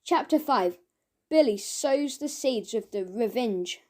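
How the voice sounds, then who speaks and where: A woman narrating a children's audiobook, chanting its rhymes with lively rhythm. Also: on the high side, takes it slowly.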